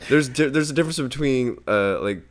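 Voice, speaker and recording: A man's voice: mid-range voice, lively intonation, a little fast, very noisy. A man co-hosting a film podcast, rambling and hesitant with lots of fillers. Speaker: podcast co-host. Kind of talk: casual chat.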